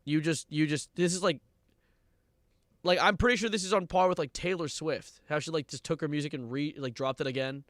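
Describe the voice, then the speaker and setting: Sarcastic ranting young man, bright voice. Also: on the high side, a little fast, dry recording, studio quality. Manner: sarcastic, ranting, swears, bursts into loud outbursts. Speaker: streamer reacting to online content. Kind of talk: livestream reaction commentary.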